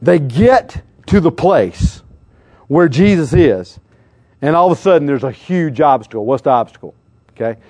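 A man preaching a lively youth sermon, slangy and full of questions to his listeners. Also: a little high, normal speed, no room sound. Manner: acts out crowd voices, slangy, calls out questions to listeners. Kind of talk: animated sermon.

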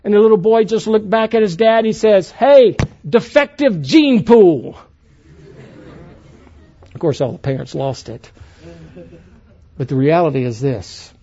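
A man preaching a sermon to a youth conference, emphatic and preacherly, swinging between loud passages and hushed ones. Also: high voice, moderate pace, muffled recording.

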